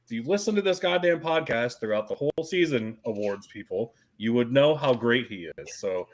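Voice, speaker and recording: A man's voice: medium pitch, animated, moderate pace. A man co-hosting a sports podcast, ranting emphatically and swearing freely. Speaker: podcast co-host. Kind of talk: casual sports chat.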